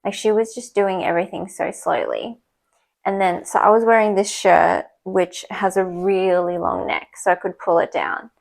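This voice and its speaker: A woman's voice: mid-range voice, fairly even intonation, moderate pace, vocal fry, poor audio. Chatty young woman vlogging candidly. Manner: chatty, candid storytelling, retelling dialogue. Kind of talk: casual personal vlog. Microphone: small clip or desk mic, sometimes knocked.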